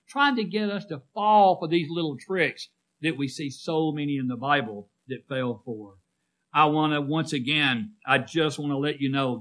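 Bright-voiced emphatic male preacher. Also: fairly high pitch. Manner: emphatic, repeats phrases, calls on listeners by name. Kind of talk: sermon with congregation call-and-response.

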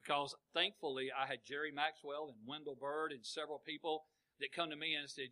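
A man preaching a sermon, building to loud, fervent exhortation and asking the congregation "Amen?". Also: a little high, fairly quick, poor audio.

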